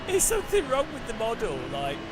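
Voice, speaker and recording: Man, animated swooping voice, laughs and exclaims, over background music. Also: sits high. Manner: excitable, incredulous, exclaiming and laughing. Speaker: sim racing video host. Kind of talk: live gameplay commentary.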